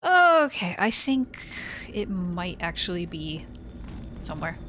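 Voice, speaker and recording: A woman's voice: lowish voice, sing-song, slow, a bit bright, slight background noise. Chatty woman streamer playing a game. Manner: chatty and rambling, with many fillers and self-corrections. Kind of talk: casual let's-play commentary.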